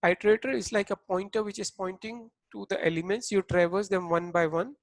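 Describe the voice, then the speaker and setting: A man's voice: sits high, fairly even intonation, a little fast, no room sound, poor audio. A man giving a recorded programming lecture, explaining step by step with frequent fillers and restarts. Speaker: programming instructor.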